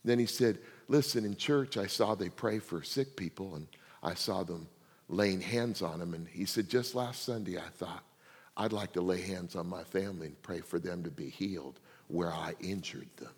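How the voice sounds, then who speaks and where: An older man preaching a sermon, telling a personal story and swinging between hushed asides and loud, laughing outbursts. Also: deep voice, moderate pace, breathy edge. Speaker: pastor. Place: church sanctuary. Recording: long hall reverb.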